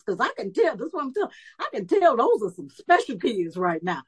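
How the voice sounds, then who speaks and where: A woman of about seventy telling a personal story at a recovery meeting, lively and animated, acting out the voices she quotes. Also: medium pitch, fairly quick, slightly rough, rough recording. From Chicago area. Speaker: speaker sharing her story at a recovery meeting.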